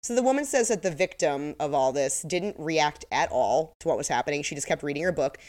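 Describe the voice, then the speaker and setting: A woman co-hosting a podcast with a somewhat low voice for a woman. She recaps a TV episode in easy, casual chat. Her humor is dry and sarcastic, and she often laughs at her own jokes. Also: lively intonation, fairly quick, darkish tone. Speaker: podcast co-host.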